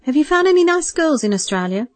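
A woman voicing a warm, worried middle-aged mother who coaxes her grown son gently, read in a higher, lifted voice in a dry recording. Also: sing-song, fast talker, no echo. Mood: hopeful. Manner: gentle, coaxing, softly persistent. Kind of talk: audiobook character voice.

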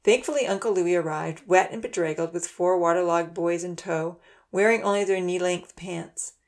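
A woman narrating a children's storybook aloud in a steady, gentle way. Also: lowish voice, normal speed.

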